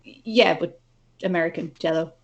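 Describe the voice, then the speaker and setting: A woman chatting on a film review podcast, jumping in with quick asides. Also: on the low side, muffled recording. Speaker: podcast co-host. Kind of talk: casual film review chat.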